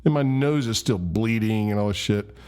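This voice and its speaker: A man's voice: lowish voice, moderate pace, darkish tone, clear, resonant tone. A man casually telling a rambling, self-deprecating story. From Memphis, USA. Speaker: vlogger.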